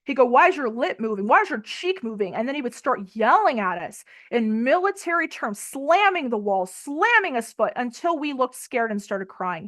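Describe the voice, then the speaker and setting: High-voiced woman giving tearful testimony. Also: a bit bright. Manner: tearful, urgent, emphatic. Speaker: interview guest. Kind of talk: emotional personal testimony.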